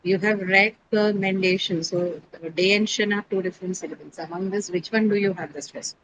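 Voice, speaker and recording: A woman's voice: fairly low pitch, steady tone, a little fast, highs cut off, a little hiss or hum. Woman teaching an online English class. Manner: patient, corrective, explains stepwise.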